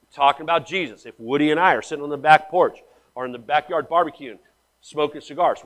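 Male pastor, slightly higher voice, blunt slangy sermon delivery, swings between hushed and loud. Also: fast. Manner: blunt, slangy, calls listeners man and guys.

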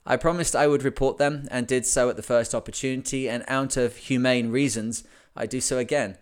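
Male podcast host, audiobook narration, smooth clear voice, measured deliberate pace, mid pitch. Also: steady tone. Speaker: podcast host reading a book aloud.

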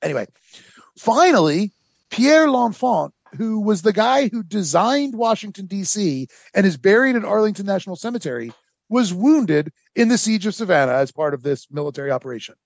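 High, gravelly-voiced man rambling through history. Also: big pitch swings, normal speed, no room sound. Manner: rambling, sarcastic asides, many fillers. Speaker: podcast host. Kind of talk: casual history podcast narration.

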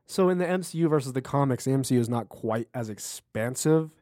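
A man co-hosting a podcast in relaxed casual chat, laughing often. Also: medium pitch, brisk, dry recording, clean studio sound. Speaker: podcast co-host.

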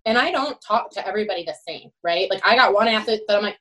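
A woman's voice: medium pitch, quick pace, bright, forceful tone, poor audio. A middle-aged woman who coaches college swimming tells candid, emphatic stories in a podcast interview and leans on "you know" and "right?". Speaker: college swim head coach.

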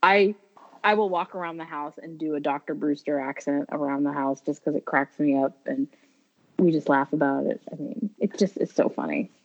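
Lower-pitched woman, chatty and gushing, muffled lo-fi recording. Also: fairly even intonation, moderate pace. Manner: enthusiastic, stammering restarts. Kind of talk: casual film chat.

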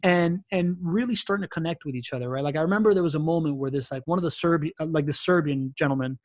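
A man guesting on a podcast, telling stories in an animated, casual way full of fillers and "right?" tags. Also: a little high, fast, no echo, studio quality. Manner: animated, filler-heavy, keeps asking "right?". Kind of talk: casual interview storytelling.

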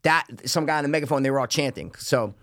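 A man telling a story in casual chat, profane and animated, loudly acting out what people said. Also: on the high side, quick pace, no room sound, clean studio sound. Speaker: podcast co-host telling a story.

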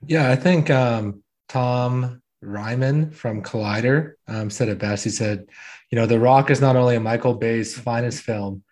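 A man's voice: medium pitch, unhurried, a little mellow. A man co-hosting a podcast, giving short, laid-back replies in a casual movie chat. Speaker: podcast co-host.

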